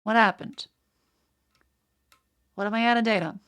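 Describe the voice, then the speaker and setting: A woman's voice: fairly high pitch, steady tone, a little slow, fairly bright tone, smooth. A woman with an Australian accent, chatting casually on a livestream and swearing freely. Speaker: streamer.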